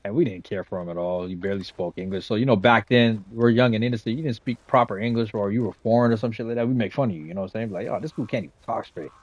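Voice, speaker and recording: A man's voice: lowish voice, steady tone, rapid-fire, few pauses, a little mellow, dry recording, highs cut off. A man in his forties from San Jose, a gaming streamer telling childhood stories in slangy, profane street talk. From west side of San Jose, California. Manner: slangy, streetwise and profane, with lots of "you know what I'm saying" and "right?". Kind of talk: casual storytelling chat.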